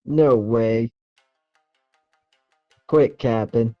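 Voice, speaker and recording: A man playing a tabletop game, joking in a relaxed, slangy way. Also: medium pitch, drawn-out words, dry recording, lo-fi sound, faint music behind. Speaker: player.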